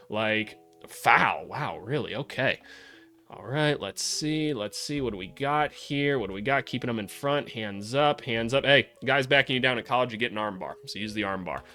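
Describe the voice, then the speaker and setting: A young man casually breaks down basketball film of draft prospects in an ordinary mid-pitched voice. He swears freely and talks straight to the players on screen. When a play excites him, he gets loud and his voice climbs high.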